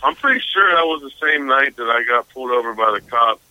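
A man's voice: mid-range voice, very animated, fast talker, dry recording, muffled recording. A man co-hosting by phone in casual chat, telling stories in a rambling, hesitant way full of fillers. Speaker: co-host calling in by phone.

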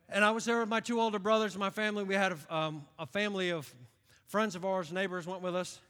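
A man in his late fifties from upstate New York, preaching a sermon in an animated storytelling way. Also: sits high, brisk, pauses often. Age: late 50s. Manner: animated storytelling, acts out quoted voices. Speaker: pastor. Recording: long reverb of a large hall.

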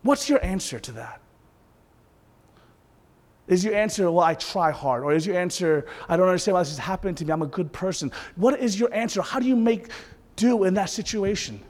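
A man preaching a sermon as a pastor, impassioned, swinging between intense peaks and soft, hushed asides. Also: sits high, brisk. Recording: long reverb of a large hall.

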